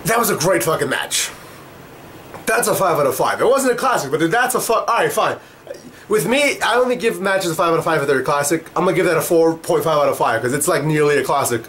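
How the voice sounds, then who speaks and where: A man's voice: a little high, expressive, quick pace, fairly bright tone, slight background noise. Heated, profane young man ranting. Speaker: wrestling commentator vlogger. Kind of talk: ranting commentary.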